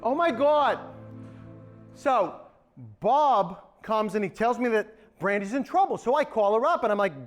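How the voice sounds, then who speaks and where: A man's voice: sits high, a little slow, faint music behind. A man performing a campy comic storytelling monologue on a theatre stage. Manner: campy, animated.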